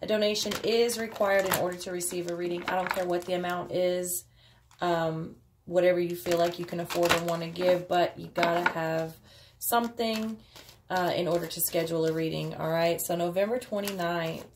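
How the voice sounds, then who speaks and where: A woman's voice: lowish voice, fairly even intonation, moderate pace, noisy background. A woman giving a casual daily tarot reading, chatty and offhand, with frequent fillers. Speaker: tarot card reader.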